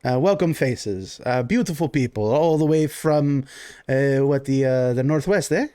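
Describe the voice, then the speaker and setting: A man voicing a fussy aristocratic baron who speaks in halting, broken English and ends his questions with "eh?". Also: medium pitch, dark tone, smooth, no room sound, studio quality, natural voice. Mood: festive. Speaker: game master. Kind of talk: tabletop role-play.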